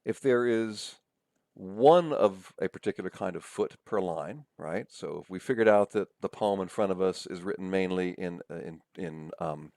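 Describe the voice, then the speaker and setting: A man's voice: deep voice, moderate pace, vocal fry, a little mellow, dry recording, clean studio sound. A man lecturing over slides in a conversational way, often checking in with "right?" and "okay?".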